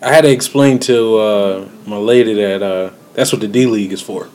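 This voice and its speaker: A man's voice: lowish voice, moderate pace, a little mellow, slight background noise. A man co-hosting a casual chat, blunt and profane, laughing mid-sentence. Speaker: podcast co-host.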